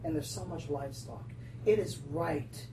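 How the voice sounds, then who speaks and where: A woman voicing God as a gentle, patient, loving father, quiet and tender, heard from a distance in a roomy space. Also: deep voice, a little slow, voice pushed down. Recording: roomy, distant, faint noise.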